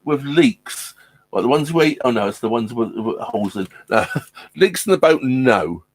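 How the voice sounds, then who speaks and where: A man of medium pitch hosts a laid-back live stream aboard his narrowboat, sounding animated at a moderate pace. He chats with viewers in a wandering way, restarting and saying um a lot, with frequent laughter.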